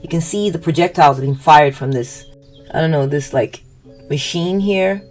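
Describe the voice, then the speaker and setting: Over soft background music, a woman with a low, darkish voice gives a casual tarot reading at a moderate pace. She rambles and hesitates, restarting sentences, using fillers, and often acting out what people might have said.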